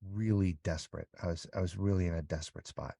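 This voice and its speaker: A man in his forties, an interview guest, candidly recounting a hard period of his life with many halting restarts. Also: low voice, fairly even intonation, gravelly, mellow, dry recording. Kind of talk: candid conversational storytelling.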